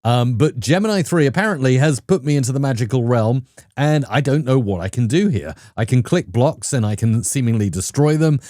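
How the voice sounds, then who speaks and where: A man's voice: mid-range voice, expressive, a little fast, warm tone, dry recording, clean studio sound. A man hosting a tech video and talking through his tests in an upbeat, conversational way. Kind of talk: enthusiastic tech review narration.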